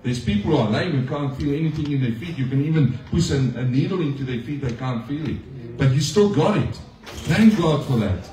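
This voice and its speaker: A man's voice: mid-range voice, animated, brisk, mellow, far from the mic. A male pastor giving a conversational sermon to his congregation, often asking them questions. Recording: echoey room, speaker off-mic.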